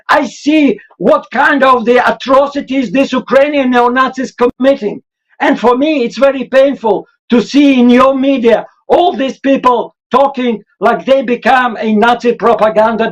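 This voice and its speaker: This Russian-accented man has a notably high voice for a man, and he talks with raw, urgent emotion. He answers in broken, non-native English as a guest in an interview, pressing each point with feeling. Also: normal speed, low-quality recording.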